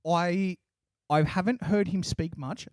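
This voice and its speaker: A man co-hosting a casual motorsport podcast, animated, laughing often and swearing freely. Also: sits high, takes it slowly, clean tone, dry recording, studio quality. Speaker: podcast co-host. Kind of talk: casual sports chat.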